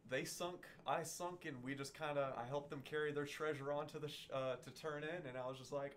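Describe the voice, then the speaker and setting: A man chatting casually on a podcast, telling rambling stories with plenty of energy. His voice sits at a middling pitch. A faint hiss runs underneath. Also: fairly quick, few pauses. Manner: animated, rambling storyteller. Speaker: podcast guest, streamer.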